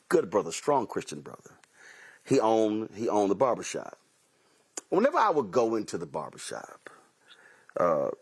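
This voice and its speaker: A man's voice: fairly low pitch, slightly rough. A man hosting a talk show, telling anecdotes in an emphatic commentary monologue and acting out dialogue as he quotes himself and others. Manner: emphatic, repeats key phrases. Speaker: host.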